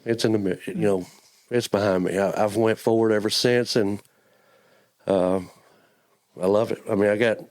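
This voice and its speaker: With a drawl and a fairly low, slightly mellow voice, a church member interviewed as a guest tells his faith story in earnest, halting fashion, frequently stumbling and repeating words. His intonation stays fairly even, yet he is emotional and near tears in this heartfelt testimony.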